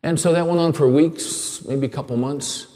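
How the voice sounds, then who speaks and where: A middle-aged man preaching a sermon as a pastor, telling stories earnestly and dropping to a hushed tone at times. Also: a little high, moderate pace, big-room sound. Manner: earnest storytelling, drops to a hushed tone.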